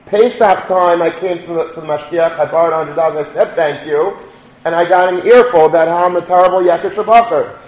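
A polite young yeshiva student, as a man puts him on, pleading in confusion with a slightly raised pitch. The voice rings in an echoey room. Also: natural voice.

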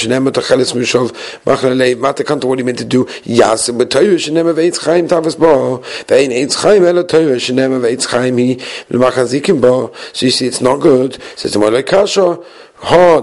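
A man's voice: mid-range voice, fairly quick, a little mellow. A man teaching a Talmud lesson, reading the source text and then explaining it, often restarting and hesitating. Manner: reads Hebrew and Aramaic text, then explains it in English.

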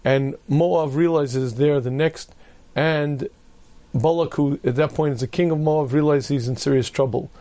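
A man giving a storytelling sermon as a rabbi, narrating vividly and clearing his throat often. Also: a little high, unhurried, mellow.

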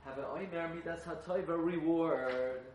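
A man's voice: a little high, moderate pace, darkish tone, slight background noise. A man giving a sermon as a rabbi, asking emphatic rhetorical questions and rising into fervent chanting of texts. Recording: echoey, from a distance.

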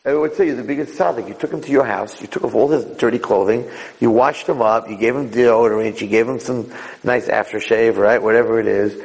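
Male rabbi, Torah lecture, animated with sudden high leaps, gravelly tone, roomy hall sound. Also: brisk. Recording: echoey hall.

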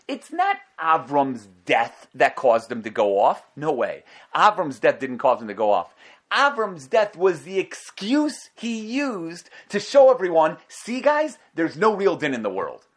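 A man teaching a Torah class in an animated way, asking rhetorical questions and answering them. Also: fairly high pitch, unhurried.

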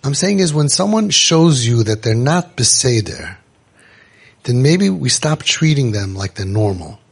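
A man with a gravelly voice tells stories to parents on his podcast. He sounds a bit husky and talks with animation, acting out the voices he quotes. He mixes Yiddish and Hebrew words into his talk. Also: medium pitch, very animated, a little slow. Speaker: parenting coach and podcast host.

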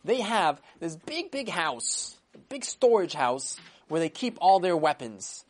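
A woman's voice: fairly low pitch, very animated, unhurried, darkish tone. A woman telling a story to children, dramatic and full of acted voices. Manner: dramatic, with sound effects and voices. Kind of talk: animated storytelling.

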